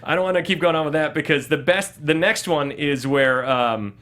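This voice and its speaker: A man's voice: fairly high pitch, normal speed, fairly bright tone. A man co-hosting a casual movie review podcast, recapping scenes and mimicking the characters' lines. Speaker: podcast co-host.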